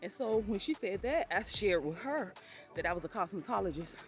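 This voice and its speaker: A woman's voice: medium pitch, animated, fairly quick. Chatty woman telling stories. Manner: chatty, addresses viewers as honey and you all. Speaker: vlogger telling personal stories. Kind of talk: casual storytelling to viewers.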